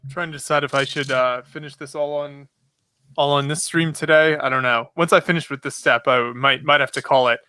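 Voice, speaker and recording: A man's voice: medium pitch, steady tone, a little fast, bright, forceful tone, smooth, no room sound. A man hosting a casual live stream chat, rambling with lots of fillers and frequent laughter over a remote call mic. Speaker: podcast host.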